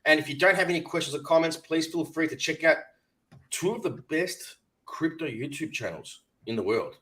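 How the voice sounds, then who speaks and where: Male co-host, upbeat announcer-style chat reader, slightly high voice. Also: lively intonation, moderate pace, a bit bright. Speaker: co-host reading live chat. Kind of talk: casual live-stream chat.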